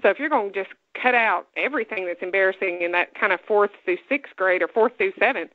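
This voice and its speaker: A woman's voice: mid-range voice, fast, dry recording, phone-quality sound. Chatty woman with an Alabama accent. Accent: Alabama Southern. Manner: chatty, laughs often, opinionated. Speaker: co-host. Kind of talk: casual chat.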